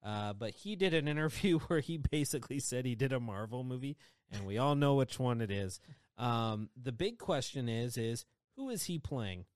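A man hosting a podcast, chatting quickly and excitedly about entertainment news and laughing often. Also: medium pitch, clean tone, dry recording, clean studio sound. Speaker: podcast host.

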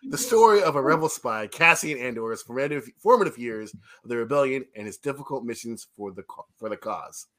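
A man's voice: medium pitch, expressive, a little fast, few pauses, fairly bright tone. A man hosting a casual review chat, playful and laughing often as he teases his co-hosts. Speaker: podcast host.

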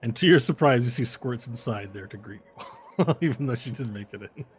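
A man narrating as game master, casual and relaxed, with fillers. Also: medium pitch, a little fast, background noise.

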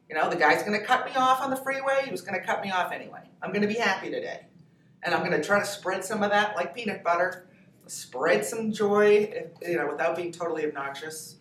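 A comedian woman in her fifties from New Hampshire, telling stories in a lively, laughing way as a podcast guest. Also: on the low side, moderate pace, a little hiss or hum. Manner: animated, laughing storyteller. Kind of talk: podcast interview. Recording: echoey room, distant mic, faint ambience.

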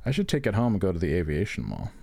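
A man's voice: deep voice, wildly swooping pitch, rapid-fire, vocal fry, warm tone, slightly rough. A man co-hosting a casual comedy podcast, laughing and swearing as he reads reviews aloud. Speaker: podcast co-host.

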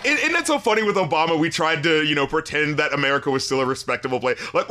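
Podcast co-host, male, high and bright, animated and over the top. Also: fast talker, hardly any pauses. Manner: animated, exaggerated outbursts. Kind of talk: casual chat.

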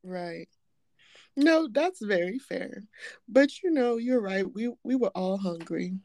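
A young woman hosts a casual podcast chat, speaking slowly and laughing often. She tells stories with playful melodrama. Her voice sounds dry and close. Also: mid-range voice, lively intonation, a little mellow, dry recording. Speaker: podcast host.

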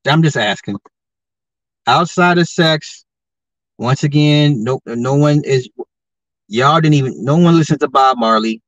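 A man hosting a podcast, giving confrontational social commentary and firing off rhetorical questions, his voice jumping high when he gets heated. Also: unhurried, long pauses, a bit bright, no echo. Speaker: podcast host. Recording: dull lo-fi podcast mic, dry.

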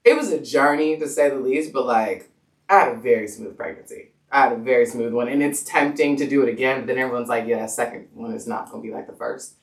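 A young woman as a podcast guest, telling her story in casual chat, animated, acting out quoted voices and laughing often. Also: a bass voice, fast. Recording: echoey room, distant mic.

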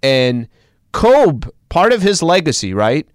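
A man's voice: medium pitch, moderate pace, clear, resonant tone, no echo. Guy on a sports talk show, chatty, walking through old games, dry close mic. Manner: conversational, recounting games with fillers.

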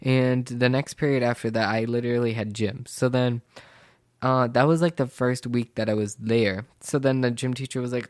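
A man's voice: mid-range voice, steady tone, brisk, a little mellow, no room sound, clean studio sound. A teenage boy casually telling a rambling school story, acting out what everyone said with "I was like.". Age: teens. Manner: rambling, quotes people with "I was like"; self-described sensitive. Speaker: vlogger.

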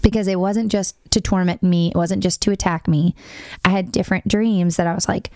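A woman hosting a casual faith conversation, telling a story earnestly with quick asides. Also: fairly low pitch, steady tone, a little mellow, no echo, studio quality.

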